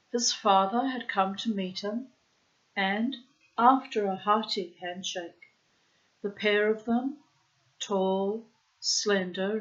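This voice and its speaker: A tired woman reading a short story aloud in a careful, unhurried way. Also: medium pitch, muffled recording. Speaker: audiobook reader.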